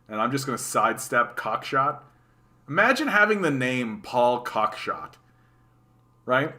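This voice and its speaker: Speaking at a measured pace with a medium-pitched voice, this man has a Canadian accent and riffs sarcastically on politics during a live stream. He's animated, answers the chat, and keeps repeating words and starting sentences over.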